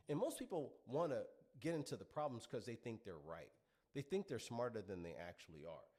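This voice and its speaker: A middle-aged man hosts a commentary show, delivering an opinionated monologue that lectures his audience and stacks up rhetorical questions. His mid-range voice is husky and a little mellow, swings widely in pitch, and moves a bit fast.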